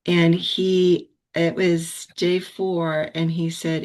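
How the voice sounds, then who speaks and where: Lady with a lower voice sharing a story over a video call, thoughtful, lots of restarts and little laughs. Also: little pitch movement, extremely slow, hardly any pauses. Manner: reflective, with frequent restarts and soft laughs. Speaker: practice group member sharing a story. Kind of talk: casual personal sharing.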